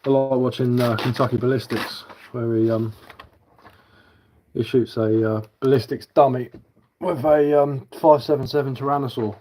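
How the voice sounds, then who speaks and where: A man's voice: mid-range voice, fairly even intonation, normal speed, warm tone, slight background noise. A man with a southern English accent tinged with London, chatting casually on a live stream in a rambling, easygoing way with plenty of fillers. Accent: southern English with London influence. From south of England. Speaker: bushcraft livestreamer.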